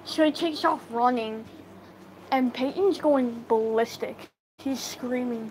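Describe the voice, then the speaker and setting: A woman's voice: fairly high pitch, takes it slowly, darkish tone, a little hiss or hum, rough recording. A woman telling a personal story in a casual storytime, rambling and acting out what everyone said. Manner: rambling, acts out quoted dialogue; filler-heavy retelling, lots of "I'm like".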